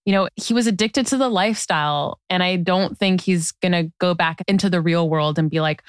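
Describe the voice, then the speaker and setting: A woman's voice: lowish voice, fairly quick, hardly any pauses, smooth, no room sound, studio quality. A woman co-hosting a podcast in casual chat, talking loosely with lots of "like". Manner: chatty, heavy use of "like". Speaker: podcast co-host.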